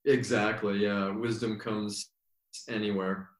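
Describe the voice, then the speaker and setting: A man guest on an interview, telling stories in a reflective, meandering way and slowing down for emphasis. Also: on the low side, little pitch movement. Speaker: yoga teacher, podcast guest. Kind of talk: relaxed storytelling interview. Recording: roomy echo.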